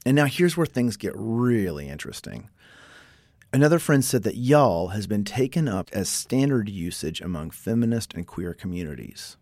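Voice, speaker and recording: A man's voice: fairly low pitch, big pitch swings, moderate pace, a little mellow, no room sound, clean studio sound. A man hosting a casual explanatory talk, chatty, reading quotes aloud and breaking off for his own asides. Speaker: podcast host.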